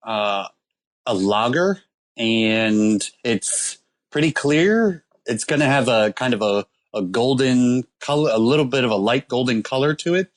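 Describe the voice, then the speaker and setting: A man co-hosting a casual podcast chat, talking slowly and rambling through a story. His voice sits in a middle register, and he fills pauses with ums and uhs. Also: mid-range voice, lively intonation. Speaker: podcast co-host presenting a beer. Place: calling in from abroad.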